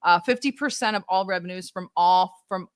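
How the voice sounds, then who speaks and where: A woman's voice: fairly low pitch, fairly quick, no room sound, studio quality. A woman hosting a political livestream, explaining a deal in a wry, casual way and laughing at her own remarks. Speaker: livestream news host.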